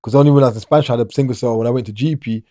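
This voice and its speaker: A middle-aged man, a former prisoner appearing as an interview guest, talks casually in a warm, mid-range voice at a racing pace. He rambles and restarts his sentences. The studio-quality recording has no room sound.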